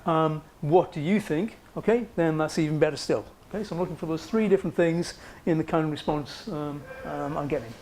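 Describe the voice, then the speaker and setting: A man's voice: on the high side, fast talker, hardly any pauses, darkish tone, slight background noise. A man giving a university psychology lecture in a conversational way, often checking in with "okay" and fillers. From Wales. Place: lecture room.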